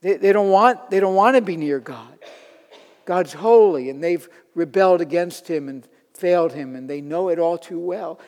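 A man preaching a sermon in an earnest way, building to loud emphatic peaks. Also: high voice, moderate pace, in a large hall.

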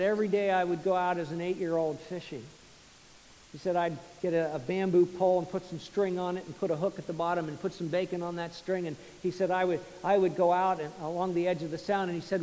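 A man preaching a sermon, retelling a story with many repeats and restarts, swinging between quiet and loud passages. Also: high-pitched, big-room sound, slight background noise, rough recording. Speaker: pastor.

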